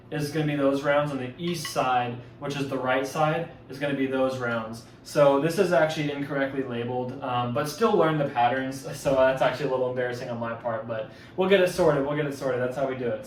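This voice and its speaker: A man's voice: on the high side, a little hiss or hum. A man giving a casual walkthrough of drumline audition exercises, talking loosely with fillers and self-corrections. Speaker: drumline instructor. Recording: echoey room, mic at a distance.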